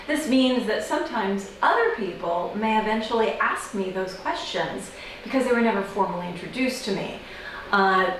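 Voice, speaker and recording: American woman comic, deadpan observational delivery, incredulous squeaks; roomy, distant recording. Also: slight background noise. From United States. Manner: wry, deadpan storytelling with sudden high-pitched incredulous outbursts. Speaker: comedian. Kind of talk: observational stand-up monologue. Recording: very echoey room, mic at a distance.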